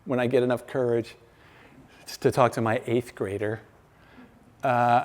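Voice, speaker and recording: Male speaker, mid-pitched, conversational faith talk with acted-out quotes; long hall reverb. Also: fairly even intonation, measured pace, pauses often. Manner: conversational storyteller, acts out quoted dialogue. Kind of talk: faith-based talk to a live audience.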